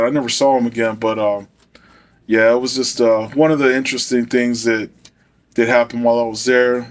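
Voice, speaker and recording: A man who is a former correctional officer, telling a profane, swaggering story to camera with laughs along the way. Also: mid-range voice.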